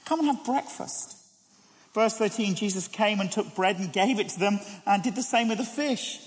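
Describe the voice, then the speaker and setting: A man preaching a sermon, animated and conversational, drawing listeners in with rhetorical questions. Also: high-pitched, brisk. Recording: long hall reverb.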